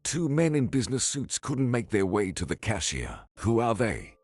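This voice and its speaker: Deep raspy guy reading a story aloud, lively ups and downs, faint music under it. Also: normal speed, dry recording. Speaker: narrator. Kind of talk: scripted storytelling narration.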